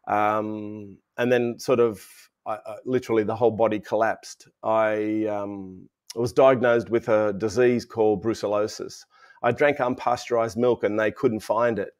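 A man's voice: mid-range voice, darkish tone. A man in his fifties with an Australian accent, a guest in a casual interview, telling a personal story in a rambling way full of restarts and fillers. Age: 50s.

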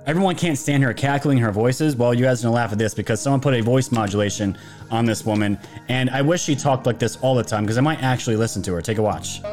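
A man hosts a casual live commentary stream, addressing his viewers directly. His voice sits at an ordinary pitch, and he rambles, restarting and trailing off mid-sentence. Faint music plays quietly under his voice. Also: quick pace. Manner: rambling, with frequent restarts and fillers. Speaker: political commentary channel host.

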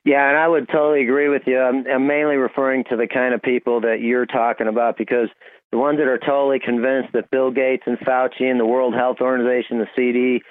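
A male caller to a radio show, an Air Force veteran, talking haltingly with many fillers over a phone line. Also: mid-range voice, level tone, no room sound. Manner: halting, full of fillers and restarts. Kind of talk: phone-in call.

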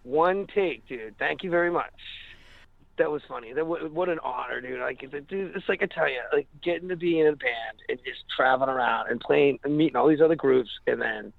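A man's voice: medium pitch, brisk, creaky, no echo, phone-quality sound. A man casually telling a rambling story in an interview, full of fillers and acted-out quotes. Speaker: musician guest.

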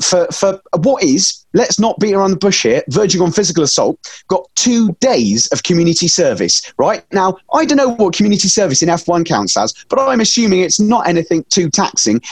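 A man telling motorsport stories on a podcast panel in a lively, rambling way with many restarts. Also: sits high, breathy edge, dry recording. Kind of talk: casual chat, storytelling.

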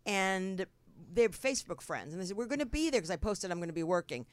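A woman's voice: mid-range voice, expressive, a little fast, no room sound. A middle-aged woman from New Jersey with a New Jersey accent, hosting a talk show in a brash, rambling, swearing style. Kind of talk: casual chat.

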